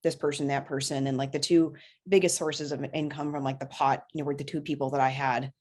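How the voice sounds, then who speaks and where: A woman from New York, a filmmaker guest on a podcast, telling a story in a lively way and acting out the voices. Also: very deep voice, fairly quick. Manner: lively storyteller who acts out voices, frequent laughs. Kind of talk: conversational anecdote.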